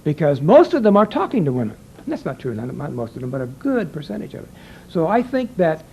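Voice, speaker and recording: A man's voice: fairly high pitch, huge pitch swings, fast, vocal fry, warm tone, a little hiss or hum, low-quality recording. An older man who directs voiceover sessions, giving a rambling, conversational lecture to an audience and acting out exchanges from the studio.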